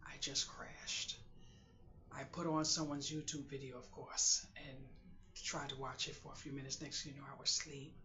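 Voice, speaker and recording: A vlogger talking in a halting, confiding way on a late-night personal video, holding back tears. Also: medium pitch, little pitch movement, sharp tone, roomy sound, dull audio.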